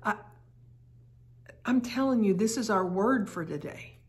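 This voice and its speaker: A woman leads a Bible study at an unhurried pace, speaking in an earnest, emphatic way. Her voice sits in a middle range, and she circles back over her phrases to drive them home. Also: medium pitch, expressive. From United States.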